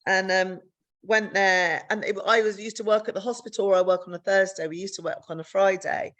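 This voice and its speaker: A woman's voice: fairly even intonation, fairly quick, a bit bright. A middle-aged woman from the UK on a podcast, telling a personal story frankly, swearing freely and acting out dialogue. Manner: frank, swears freely, re-enacts dialogue with big pitch jumps. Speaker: podcast co-host sharing her story. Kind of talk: candid conversational storytelling.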